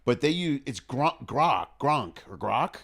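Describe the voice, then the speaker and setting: A man's voice: mid-range voice, sing-song, a little slow, a bit bright, husky. A man hosting a podcast, chatting casually in a rambling way with frequent restarts. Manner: rambling, laughs often, many restarts. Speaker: podcast host. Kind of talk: casual chat.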